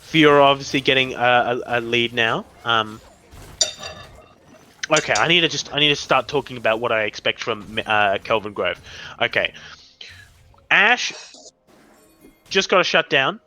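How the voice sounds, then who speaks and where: A young man commentating a live esports match, excitable and rambling, often tripping over his words. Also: medium pitch, moderate pace, long pauses, soft background music. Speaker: esports caster.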